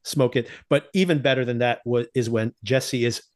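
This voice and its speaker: Podcast host, male, mid-pitched, animated, laughs a lot while recapping; acts out quotes. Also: normal speed. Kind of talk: casual TV recap chat.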